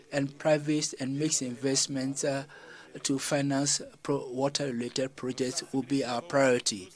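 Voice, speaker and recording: A man delivering a formal policy address to a summit of leaders, measured and stopping often on fillers and restarts. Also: medium pitch, rough recording. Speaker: summit chair addressing heads of state.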